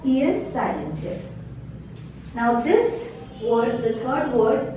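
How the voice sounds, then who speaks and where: A woman's voice: a little high, very animated, slow, dark tone, recorded from a distance, slight background noise. A woman teaching a beginner French lesson in a patient manner, repeating each word several times. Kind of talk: slow beginner vocabulary lesson. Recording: very echoey room, voice from the mic.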